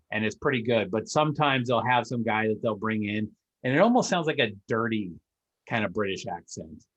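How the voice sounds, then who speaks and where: Man, podcast host, rambling, lots of fillers, mid pitch. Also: a bit bright, low-quality recording. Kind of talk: casual interview chat.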